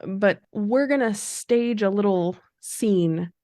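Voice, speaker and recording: A woman playing her character in a tabletop role-playing game, speaking calmly and earnestly with small restarts. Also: mid-range voice, slow, no echo, clean studio sound. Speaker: player.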